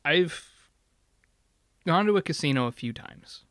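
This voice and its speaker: A man's voice: on the high side, expressive, unhurried, fairly bright tone, clean tone, dry recording, studio quality. A man chatting casually on a podcast in a laid-back, rambling way, swearing now and then. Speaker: podcast co-host. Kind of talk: casual chat.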